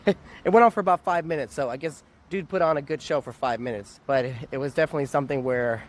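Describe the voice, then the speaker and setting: A worn-out man recovering from a cold tells a candid, reflective personal story in a casual vlog. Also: mid-range voice. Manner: candid, reflective, laughs at himself. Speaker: vlogger. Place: outdoors near a convention area. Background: faint traffic noise.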